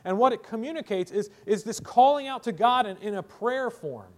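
A man with a fairly high voice preaches a sermon as pastor. He leans on words and repeats them for emphasis, swinging between loud exhortation and quieter asides. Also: normal speed, few pauses.

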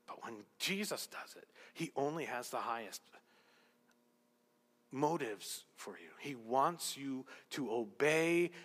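A male pastor preaching a sermon in an earnest, rhetorical way, slowing down for emphasis. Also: mid-range voice, expressive, a bit bright, breathy edge. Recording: long hall reverb.

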